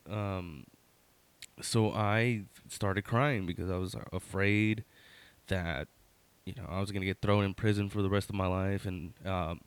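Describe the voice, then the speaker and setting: Low-voiced man rambling through a story. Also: smooth, dry recording. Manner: rambling, self-correcting, full of fillers and asides; wry, conversational, addresses listener with "right?". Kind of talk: casual personal storytelling.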